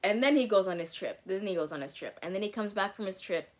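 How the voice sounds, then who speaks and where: A woman's voice: medium pitch, fast. A young woman vlogger casually telling a frank story with plenty of swearing and "like" fillers. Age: young adult. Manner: frank, profane, many "like" fillers.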